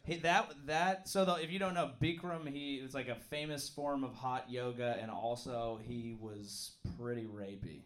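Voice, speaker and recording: A man's voice: medium pitch, fairly even intonation, moderate pace, few pauses. A man co-hosting a live comedy podcast on a club stage, throwing in wry, dry quips. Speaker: podcast co-host.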